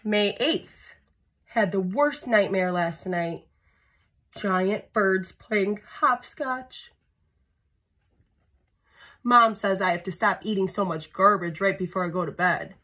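A woman's voice: mid-range voice, takes it slowly, long pauses, pushed and bright, breathy edge. A woman reading a children's picture book aloud at storytime, adding playful sound effects and chatting to young listeners between pages.

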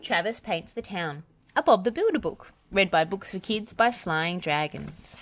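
A woman narrating a children's storybook aloud in a gentle, even storytelling manner. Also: fairly low pitch, a little slow. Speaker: children's book reader.

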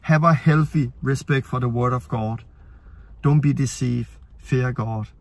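A man's voice: medium pitch, measured pace. A man preaching a sermon in earnest, plain-spoken, imperfect English.

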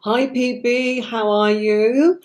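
A woman with a cold and a hoarse voice, hosting a live tarot stream and chatting affectionately while she sorts out the software. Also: fairly high pitch, fairly even intonation, slow pace.

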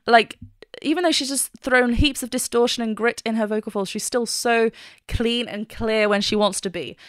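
A woman's voice: on the high side, steady tone, moderate pace, dry recording, clean studio sound. A woman, a vocal coach reacting to a song and explaining singing technique with enthusiasm. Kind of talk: reaction video with vocal analysis.

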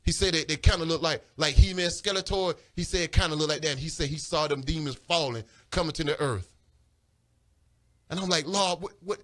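A man with a somewhat high voice speaks on a studio radio show. He preaches with mounting fervor, and his voice rises into urgent pleading. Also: brisk, fairly bright tone. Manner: preaching fervently, voice rising and pleading. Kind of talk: impassioned religious radio talk. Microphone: studio microphone.

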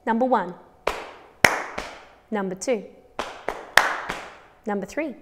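A woman's voice: medium pitch, takes it slowly, long reverb tail, heavy background noise. A woman with an Australian accent teaching a children's music lesson, counting patterns aloud and encouraging the class.

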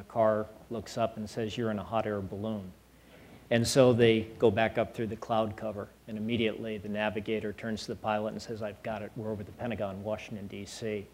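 A middle-aged man, an army general, giving a public lecture in a measured way, with many fillers and some dry humor. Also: on the low side, a little mellow. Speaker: guest speaker, army general. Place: lecture hall.

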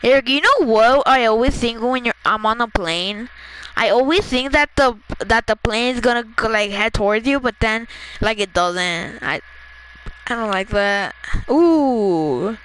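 Excitable gamer bossing a teammate around mid-game, bright sharp voice, laughs a lot. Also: medium pitch, slight background noise, low-quality recording. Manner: excitable, chatty, laughs often; coaches teammate with quick instructions. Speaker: gamer playing with a friend. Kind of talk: casual gameplay chat.

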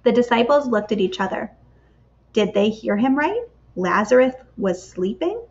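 A woman reading a picture book aloud to children for a church kids' club, with expressive, measured storytelling and dramatic pauses. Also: on the high side, slight background noise. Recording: slightly dull lo-fi recording.

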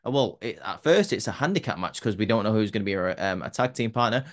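A man with a fairly low, animated voice talks quickly while casually recapping a wrestling show. He rambles with lots of ums, fillers, and restarts, laughing at his own jokes.

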